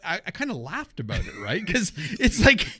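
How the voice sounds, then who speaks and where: A man's voice: sits high, normal speed, a crowd in the background. A man hosting a podcast, telling a story casually with lots of swearing and a habit of tagging "right?" onto his sentences. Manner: animated, profane, frequent "right?" tag. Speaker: podcast host.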